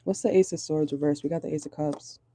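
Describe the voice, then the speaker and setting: A tarot reader doing a casual reading from inside a car, pausing often while channeling, swearing and laughing nervously. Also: mid-range voice, steady tone, mellow.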